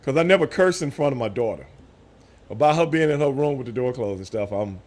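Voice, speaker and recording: A man in his fifties chatting casually on a live stream, telling animated stories with loud voiced outbursts. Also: fairly high pitch, fairly quick. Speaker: streamer host.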